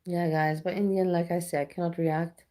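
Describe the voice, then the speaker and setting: A woman's voice: on the low side, flat delivery, a little fast, mellow. A woman chatting casually on a live stream, talking straight to her viewers and swearing bluntly when she rants. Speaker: livestreamer.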